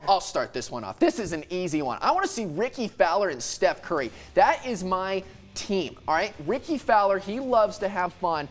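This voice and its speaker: Animated young man debating sports. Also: high voice, normal speed. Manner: animated, playful, laughs and jokes. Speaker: sports show co-host.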